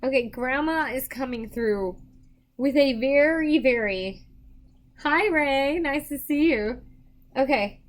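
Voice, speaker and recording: A woman's voice: high-pitched, slow. A tired woman doing psychic readings on a live stream, chatting casually with viewers and rambling with many restarts. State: tired, yawning.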